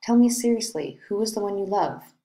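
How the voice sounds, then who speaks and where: A woman's voice: medium pitch, animated, fairly quick, dark tone, pitched above the performer's own voice, close to an everyday voice. A woman reading the part of an earnest young man who coaxes and questions his cousin. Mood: coaxing. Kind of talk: reading a play aloud.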